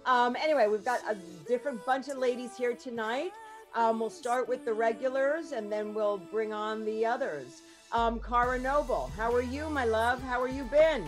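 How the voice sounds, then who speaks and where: A woman hosting a podcast panel in casual chat, talking freely with lots of ums and quick asides. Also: on the high side, faint music behind. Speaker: podcast host and producer.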